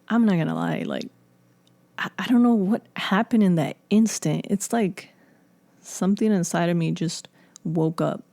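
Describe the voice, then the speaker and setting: A woman's voice: lowish voice, creaky, warm tone, dry recording. A woman telling a personal story in casual podcast talk. She rambles with lots of filler words and curses freely. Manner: profane, rambling, full of fillers. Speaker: podcast guest.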